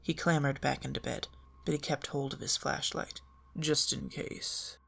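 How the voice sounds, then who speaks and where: An audiobook reader narrating a fan fiction story in a calm, measured way. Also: mid-range voice, gravelly.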